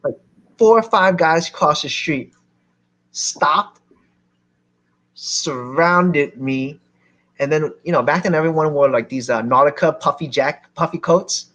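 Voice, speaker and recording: A man from Philadelphia telling a lively story to a seminar audience as a real estate investor, acting out the people in it. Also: a little high, a little slow, pauses often. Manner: animated, acts out other people's lines.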